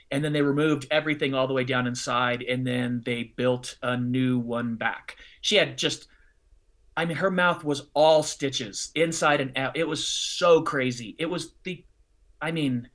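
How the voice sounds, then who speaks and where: A man with a bright, fairly high voice tells a personal story as an interview guest. He talks bluntly and informally, with sudden emphatic leaps in pitch and loudness. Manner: blunt and informal, calls people bro and dummy.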